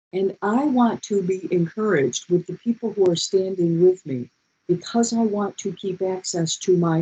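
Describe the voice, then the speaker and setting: Passionate session leader, husky voice, dull lo-fi call audio, repeats key lines. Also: mid-range voice, mellow. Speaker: speaker leading a group session. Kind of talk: heartfelt motivational talk. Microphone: video call.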